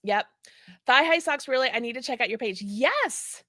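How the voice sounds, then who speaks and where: A high-pitched woman chats casually on a livestream, reading out viewer comments as she goes. The recording is close and dry, with no room sound. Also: animated, normal speed, a bit bright, dry recording. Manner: chatty, reads viewer comments aloud. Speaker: co-host.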